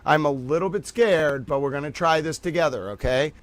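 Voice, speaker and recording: Hosting a casual livestream, a man with a slightly high voice calls his viewers ladies and gentlemen, launching into theatrical mock outrage and grand declarations. He speaks briskly, and the sound is close and dry, with no room sound at all.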